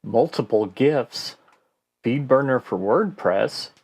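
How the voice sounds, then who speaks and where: A man hosting a casual question-and-answer podcast, answering listener questions in a relaxed way and thinking aloud with fillers. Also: medium pitch, takes it slowly, creaky, breathy edge. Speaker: host.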